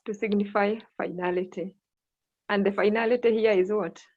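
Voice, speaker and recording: A woman's voice: medium pitch, steady tone, normal speed. Woman teacher on a muffled video call. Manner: prompting students, repeating answers. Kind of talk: online English lesson.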